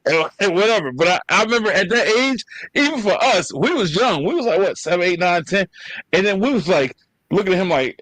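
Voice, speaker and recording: Black dude hosting a podcast, swearing, animated storytelling, kinda high voice. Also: male voice, a little fast, no room sound, rough recording. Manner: profane, animated storytelling with laughs. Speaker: podcast host. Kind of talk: casual conversation with his brother.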